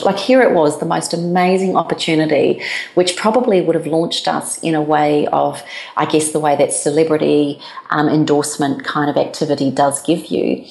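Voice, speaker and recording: A woman's voice: deep voice, brisk, vocal fry, echoey room. A woman from New Zealand, a business founder, telling her story as an interview guest and acting out the dialogue she quotes. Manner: animated, acts out quoted dialogue.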